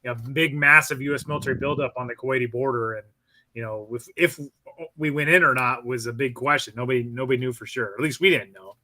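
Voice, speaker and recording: A male host with a bright, forceful tone and a mid-range voice, chatting in a relaxed way. He stops now and then to explain things to his audience. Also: medium pitch, quick pace, dry recording, poor audio. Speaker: podcast host, Marine veteran. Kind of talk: casual interview.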